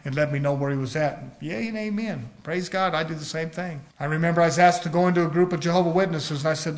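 A man's voice: a little high, fast, hardly any pauses. A man preaching a sermon in a folksy storytelling way, acting out the people he quotes.

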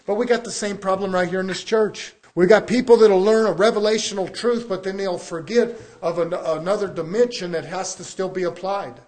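A man's voice: high voice, steady tone, brisk, hardly any pauses, darkish tone. A man preaching a sermon to his church, building emphasis with rhetorical questions. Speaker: pastor.

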